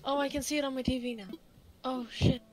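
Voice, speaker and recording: A woman's voice: sits high, fairly even intonation, fairly quick, a little mellow, rough recording. Rambling, swearing young woman vlogger. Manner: rambling, swears freely, many restarts. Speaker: college game-design instructor. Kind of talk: casual chat while streaming a game. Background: game music.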